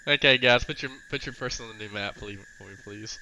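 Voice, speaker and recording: A man's voice: fairly low pitch, fast, bright, forceful tone, low-quality recording. A man running a tabletop game as game master, narrating with amused, chatty energy.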